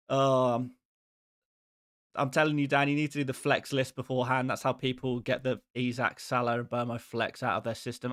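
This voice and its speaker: A man's voice: mid-range voice, little pitch movement, normal speed, fairly bright tone, dry recording, clean studio sound. A man hosting a live stream who chats casually with his viewers in a rambling, exasperated and self-mocking way.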